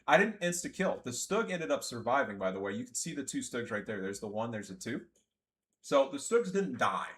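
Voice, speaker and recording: Sarcastic ranting gamer man, lively swings. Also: a little fast. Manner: sarcastic, swings between yelling and low mumbling. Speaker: gameplay commentator. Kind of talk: ranting gameplay commentary.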